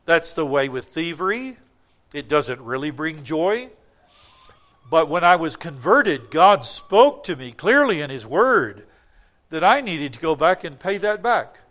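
Older guy preaching, earnest testimony, kinda high voice, gets loud on the big points. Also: sing-song, measured pace. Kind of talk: sermon.

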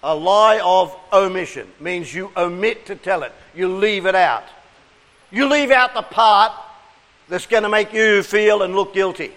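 A man's voice: high voice, a bit bright, big-room sound. A man preaching an interactive sermon, coaxing the congregation with questions and call-and-response.

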